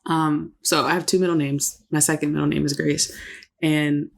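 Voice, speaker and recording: A woman's voice: sits low, level tone, normal speed, vocal fry. A woman co-hosting a couples podcast, telling a personal story in a reflective, faith-filled way. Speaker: podcast co-host. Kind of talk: casual chat.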